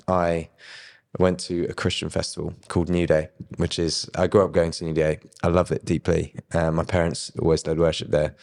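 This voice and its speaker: A young man casually telling his personal faith story, with lively quoted dialogue and chuckles. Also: sits low, creaky, big-room sound. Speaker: guest sharing his faith testimony.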